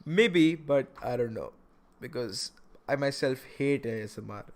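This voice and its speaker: A young man hosting a casual podcast, talking in an animated way with many stammered restarts. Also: medium pitch, unhurried. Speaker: podcast host.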